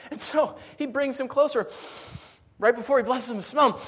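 A middle-aged married man preaching a sermon, animated and rhetorical with a humorous streak. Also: very high-pitched, normal speed, husky. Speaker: pastor.

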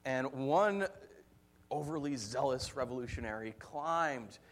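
A man preaching a sermon, telling stories with lively acted-out quotes and frequent laughter. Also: mid-range voice, a little slow. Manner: animated storytelling, acts out quotes, laughs often. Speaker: pastor.

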